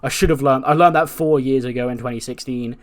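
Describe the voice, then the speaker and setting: A man's voice: medium pitch, fast. A man narrating a wrestling management game in a wry, self-deprecating way, as a game streamer. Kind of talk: let's-play narration.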